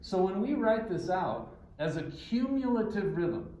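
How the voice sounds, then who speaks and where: A man's voice: sits high, sing-song, a little slow, warm tone, muffled recording, a little hiss or hum. A man teaching a group rhythm class, counting beats aloud and cheering the students on. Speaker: guitar teacher. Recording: roomy, distant mic, music in the room.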